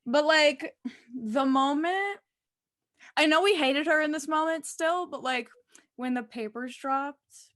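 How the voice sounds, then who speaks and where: A woman chatting about a TV episode with a co-host, her voice pitched a little high. She gushes and exclaims in a lively way. The sound is dry and close, with no room around it. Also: takes it slowly, no room sound. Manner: animated, gushing, exclaims and trails off. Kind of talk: casual TV episode discussion.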